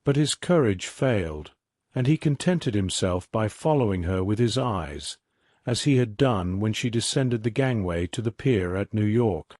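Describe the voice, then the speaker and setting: A man narrating a classic mystery story as a calm, even bedtime reading. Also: on the low side, unhurried, no room sound, clean studio sound.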